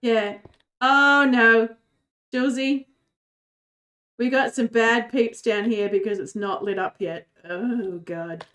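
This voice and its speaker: A woman's voice: medium pitch, fairly even intonation, unhurried. A woman streamer chatting casually while she plays a game, giggling and rambling. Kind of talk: casual gaming chat.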